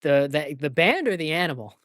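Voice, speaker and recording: A man's voice: fairly high pitch, very animated, brisk, fairly bright tone, no echo, studio quality. A man co-hosting a podcast in casual chat who asks questions and teases like a playful quizmaster. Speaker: podcast co-host.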